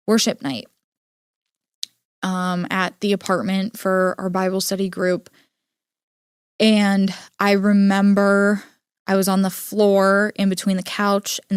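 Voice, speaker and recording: A young adult woman hosting a podcast, telling a personal story in an earnest, halting way with many filler words. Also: mid-range voice, clear, resonant tone, dry recording, clean studio sound. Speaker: podcast host. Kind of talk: personal storytelling, casual monologue.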